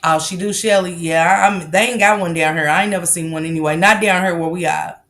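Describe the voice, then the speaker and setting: A woman's voice: lowish voice, steady tone, fairly quick, fairly bright tone. Chatty woman live-streaming. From American South. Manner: loose, chatty, swears freely, laughs often. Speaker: livestream host. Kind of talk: casual live-stream chat reading comments.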